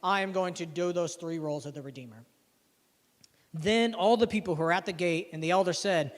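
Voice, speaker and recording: Man, pastor, sermon, casual lively delivery, higher voice, reverberant church hall. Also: brisk. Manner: conversational, animated preaching with casual asides. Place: church sanctuary.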